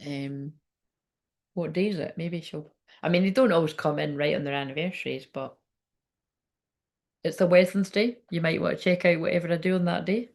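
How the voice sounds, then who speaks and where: A woman's voice: sits low, normal speed, pauses often, darkish tone. A woman medium chatting casually during a live reading, rambling, laughing often and swearing freely. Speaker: psychic medium.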